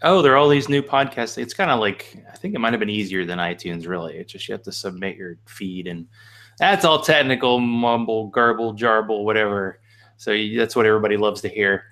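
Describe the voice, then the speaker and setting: A man's voice: on the low side, lively intonation, brisk, fairly bright tone. A man hosting a podcast, loosely joking through questions and his sign-off. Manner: laid-back, joking, loose. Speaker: podcast host. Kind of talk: casual interview and sign-off.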